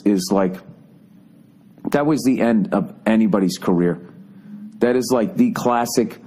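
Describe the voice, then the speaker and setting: A middle-aged man hosting a podcast, telling a story as a profane comedic rant that swings into loud, exasperated outbursts. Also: mid-range voice, slightly rough. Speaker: podcast host.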